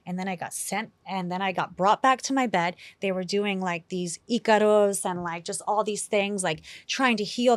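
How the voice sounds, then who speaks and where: A woman's voice: mid-range voice, no echo. A middle-aged woman from New York City, a guest in an interview, telling a personal story in a candid, casual way full of "like" and "you know".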